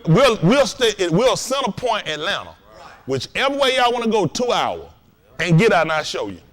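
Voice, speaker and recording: A man hosting a casual lesson stream. He tells stories in an animated, laughing way. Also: high voice, normal speed. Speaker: host and teacher. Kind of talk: casual joking lesson talk.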